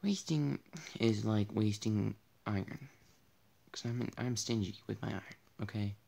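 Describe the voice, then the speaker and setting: A man's voice: lowish voice, unhurried, creaky, mellow. A young man with a tired, partly lost voice, rambling through casual gameplay commentary, easily startled and joking at himself. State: losing his voice, tired. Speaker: gaming channel host. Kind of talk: casual Let's Play commentary.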